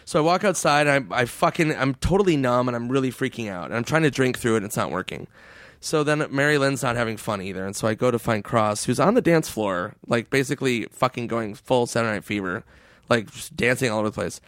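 A male comedian spinning loose, animated stories in a casual interview, jumping into squeaky voices for the characters. His voice sits at an ordinary middle pitch, recorded close and dry with no room sound. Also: fast talker, no echo. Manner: animated storyteller, acts out voices in high pitch. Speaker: comedian guest.

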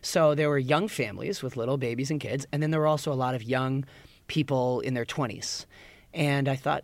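A man co-hosting a podcast in casual chat, telling stories with animated delivery and mimicking crowd shouts. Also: medium pitch, fairly quick, no room sound. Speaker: podcast co-host.

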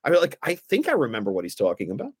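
Animated man telling stories. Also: mid-range voice, rapid-fire, breathy edge, no echo, clean studio sound. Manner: animated anecdotes, acts out the other voices. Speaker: guest, former aldermanic candidate. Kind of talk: casual storytelling.

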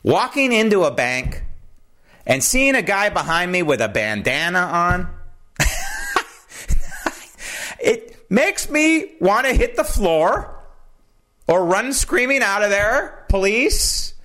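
A man hosting a political commentary show, talking in an animated, sarcastic monologue. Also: slow. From United States. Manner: animated, sarcastic, swings pitch for emphasis. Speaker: podcast host.

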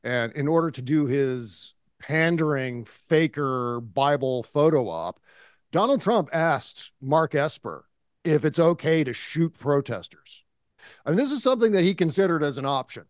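A man's voice: a little high, lively intonation, a little slow, dry recording, studio quality. A man co-hosting a political podcast, talking in an impassioned, indignant way. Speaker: podcast co-host. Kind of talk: casual political chat.

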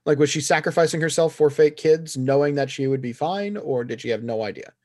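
A man co-hosts a casual podcast, reviewing a series and summing up a show in a blunt, sarcastic way while swearing freely. His voice is on the high side, a little fast and a little mellow, recorded in a clean studio with no echo.

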